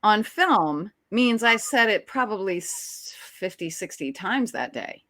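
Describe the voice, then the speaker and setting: A woman who is an actress, telling a story as an interview guest in a lively, chatty way with quick restarts. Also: mid-range voice, no echo, studio quality. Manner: animated, chatty, frequent restarts and laughs.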